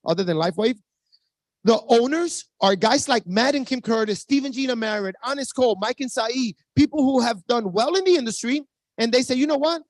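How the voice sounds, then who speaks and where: A man in his fifties with a Spanish-accented English, giving an energetic sales pitch to a team on a video call, hyped and full of asides to the audience. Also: dry recording. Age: 50s. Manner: hyped, talks straight to the audience, many asides. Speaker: network marketing presenter.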